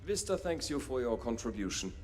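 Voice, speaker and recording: An actor playing a brisk male space station vendor in a game, with a German accent and a curt, businesslike manner. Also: mid-range voice, big pitch swings, a little mellow, a little hiss or hum, close to an everyday voice. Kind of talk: game character voice lines.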